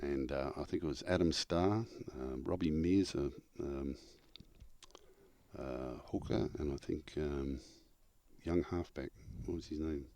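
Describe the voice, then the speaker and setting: A man's voice: a bass voice, a little slow, no room sound. An older man, a former coach telling stories in casual chat, acting out the dialogue and laughing through the punchlines. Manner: animated storyteller, acts out quoted dialogue, laughs through punchlines. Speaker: former coach and show regular.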